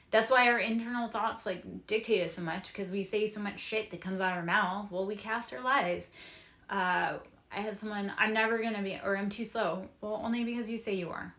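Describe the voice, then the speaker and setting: A tarot reader on a live stream gives a reading in a mid-range, fairly bright voice, captured through a streaming microphone in an echoey room. She is repetitive and affirming, offering spiritual encouragement.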